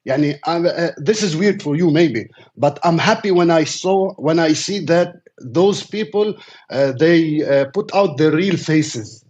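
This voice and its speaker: A man with a Lebanese accent, a war correspondent speaking English haltingly with many fillers over a remote call. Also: a little high, darkish tone, dull audio, a little hiss or hum. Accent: Lebanese, from Baalbek. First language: Arabic. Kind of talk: remote interview.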